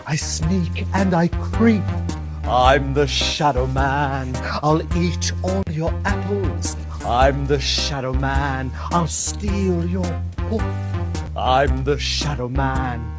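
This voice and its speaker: A performer voicing a sneaky, mischievous shadow creature in a slow, sing-song chant. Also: mid-range voice, lightly acted. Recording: video clip with music behind.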